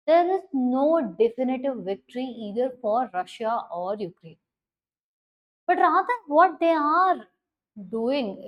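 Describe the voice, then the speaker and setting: A woman's voice: sits high, low-quality recording. A woman explaining current affairs as a teacher, stressing key words and often checking if listeners follow.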